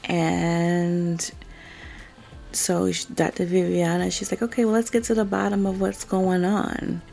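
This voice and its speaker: A woman's voice: deep voice, vocal fry, darkish tone. A woman giving a chatty, opinionated recap of a reality show, full of filler words and sudden emphatic jumps when she gets worked up. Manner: chatty and opinionated, lots of "like" and "bruh", rising emphatic outbursts. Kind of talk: casual recap commentary.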